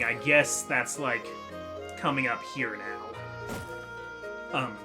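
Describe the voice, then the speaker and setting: A man hosting a let's play, chatting casually and rambling with lots of fillers and restarts. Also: mid-range voice. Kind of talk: casual gameplay commentary.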